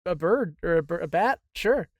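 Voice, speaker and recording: A man's voice: sits high, lively intonation, normal speed, darkish tone, dry recording. A man co-hosting a casual comedic podcast, answering with dry, wry quips. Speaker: podcast co-host.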